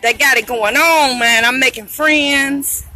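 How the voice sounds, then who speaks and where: A woman's voice: high voice, unhurried. A woman hosting a live internet radio stream, chatting with vendors on the street into a handheld phone. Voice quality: loud, chatty, hype. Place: outdoor street event.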